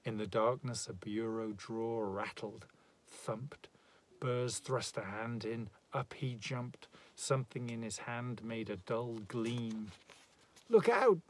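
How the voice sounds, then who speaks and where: A man's voice: fairly low pitch, fairly even intonation. A man giving a dramatic, rhythmic reading of a rhyming narrative poem. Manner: measured, rhythmic verse delivery. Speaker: poetry reader.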